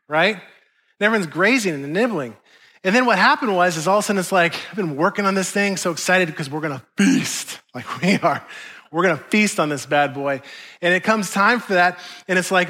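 A middle-aged male pastor preaching a sermon in a conversational, animated way, acting out quotes. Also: high voice.

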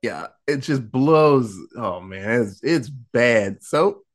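A man's voice: mid-range voice, slow pace. A man casually recapping a horror film in a podcast chat, acting out the characters' lines with laughs and profanity. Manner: animated storytelling, acting out quotes, laughing, profane.

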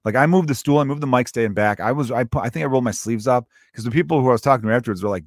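A man who is a stand-up comedian, telling a story in a casual, profane, animated way and acting out the quotes. He speaks as someone grieving. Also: medium pitch, fast, hardly any pauses, dry recording, clean studio sound.

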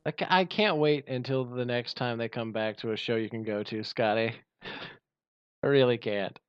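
A man co-hosting a podcast in casual chat, firing off quick sarcastic quips and rapid asides. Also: mid-range voice, clean tone, dry recording. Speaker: podcast co-host. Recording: dull dry lo-fi sound.

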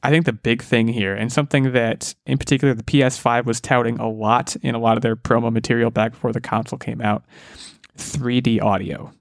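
A man's voice: mid-range voice, level tone, a little fast, vocal fry, dry recording, clean studio sound. A man co-hosting a casual podcast, talking eagerly and rambling with restarts. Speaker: podcast co-host, game expert.

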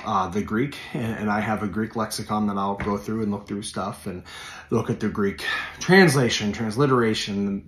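A man's voice: on the low side, fairly bright tone, reverberant. A man hosting a devotional podcast as a preacher, talking casually with many fillers and self-corrections and leaning in on key phrases.

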